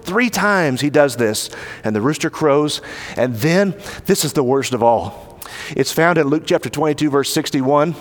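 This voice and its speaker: A man's voice: on the high side, expressive, moderate pace. A man with a Southern American accent preaching a sermon, retelling the story dramatically and acting out the quoted lines. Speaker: pastor. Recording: hall reverb.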